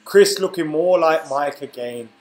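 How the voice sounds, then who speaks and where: A man's voice: a little high, a little slow, a little mellow, roomy sound, poor audio. A young man hosting a football live stream, chatting casually and reading out viewer comments while he has the hiccups. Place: room at home.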